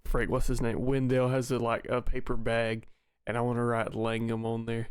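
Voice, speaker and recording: A man's voice: mid-range voice, completely flat delivery, normal speed, clean tone, no echo, clean studio sound. A man playing a tabletop role-playing game, speaking in a matter-of-fact way. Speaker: player.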